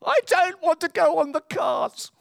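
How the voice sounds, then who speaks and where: Frail old man, shrill squeaky voice, stubborn and pleading, slow drawn-out words, dry close sound. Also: lively intonation, vocal fry, dry recording, heavily acted. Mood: protesting. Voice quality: high squeaky strained voice.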